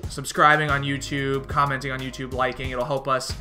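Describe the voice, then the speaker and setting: Bright-voiced man with a Chicago accent hosting a podcast. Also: mid-range voice, flat delivery, brisk, soft background music. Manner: upbeat, loose, with fillers. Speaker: podcast host. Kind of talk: casual podcast chat.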